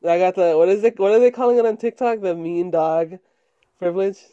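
A man's voice: high-pitched, fairly quick, dark tone, clear, resonant tone, muffled recording. A young man co-hosting a podcast in casual chat, teasing his friend and laughing often. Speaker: podcast co-host.

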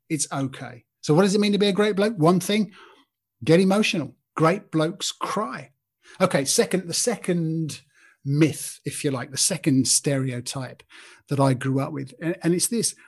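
A man's voice: a little high, husky. A man in his fifties hosting a podcast, giving an earnest, informal Christian talk and speaking straight to listeners by name. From Britain. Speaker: podcast host.

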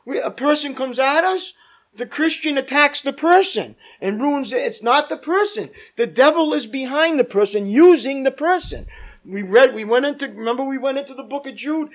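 A man's voice: very high voice, animated, moderate pace. A male pastor leading a Bible study, teaching emphatically, repeating points and asking the group questions.

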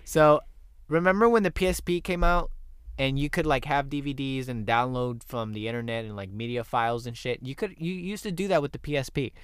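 A young man with a smooth, clear voice at a middle pitch, casually hosting a podcast. He tells personal stories bluntly, swearing freely as he goes, and the recording is close and dry. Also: fairly quick, no room sound. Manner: candid, profane storytelling. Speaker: podcast host. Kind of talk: casual chat.

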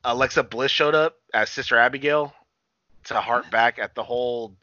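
Bright-toned man in casual chat. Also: medium pitch, steady tone, moderate pace, no room sound. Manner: profane, rambling, retells scenes. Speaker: podcast co-host. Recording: dull dry lo-fi sound.

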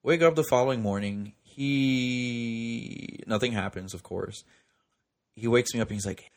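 A man's voice: medium pitch, measured pace. A young man casually telling a personal story, chatty and profane, with lots of "like" fillers. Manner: profane, chatty, heavy use of "like".

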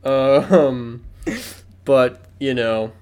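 A man co-hosting a casual podcast, talking in a relaxed, rambling way with lots of filler words. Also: mid-range voice, very slow, clean tone. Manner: laid-back, rambling, full of "um" fillers. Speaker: podcast co-host.

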